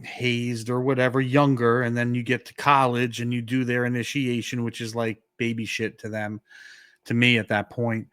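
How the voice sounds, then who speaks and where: A man's voice: mid-range voice, normal speed, clean tone, dry recording. A man tells a story on a podcast, switching into the voices of the people in it and leaning on "like" as he goes. His voice sits in an ordinary middle range. It is recorded dry and close, with no room sound around it. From New York. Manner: animated, acts out quoted dialogue, many "like" fillers. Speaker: podcast co-host. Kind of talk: casual storytelling.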